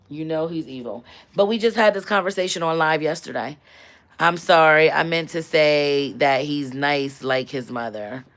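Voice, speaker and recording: A woman comedian hosting a casual livestream, talking in an animated, loud and teasing way, full of slang. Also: low-pitched.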